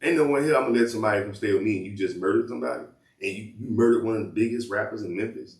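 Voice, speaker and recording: Man, very low voice, casual rambling commentary host, roomy echo. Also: very fast. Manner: loose rambling talk with repeated restarts.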